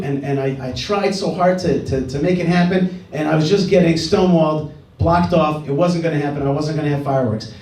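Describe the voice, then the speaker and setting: A middle-aged man with a fairly high but mellow voice tells an earnest story to a gathered audience, circling back to his key phrases. He stands away from the microphone, and the hall rings around him. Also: far from the mic. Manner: earnest, repeats key phrases, frequent restarts. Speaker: speaker at a dialogue gathering. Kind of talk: public talk with storytelling. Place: indoor event hall. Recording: roomy hall, speaker away from mic.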